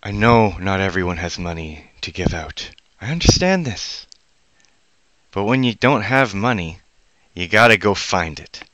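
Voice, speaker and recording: Live-stream host, male, sharp bright tone, furious profane ranting that dips into low muttering. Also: lively intonation, unhurried, dry recording, lo-fi sound. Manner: angry, swearing heavily, swinging from loud outbursts to low mutters. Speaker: livestream host.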